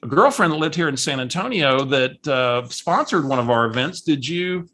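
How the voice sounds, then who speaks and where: A woman's voice: low-pitched, expressive, normal speed, a bit bright. A man imitating a cheery chatty woman on the phone. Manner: bubbly, friendly small talk.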